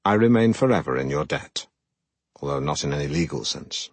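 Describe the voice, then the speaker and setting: An actor playing a pompous, self-regarding middle-aged broadcaster who narrates his own memoir in a deadpan way. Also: very deep voice, fairly quick, no echo, heavily acted. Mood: self-important. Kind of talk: comic audiobook narration.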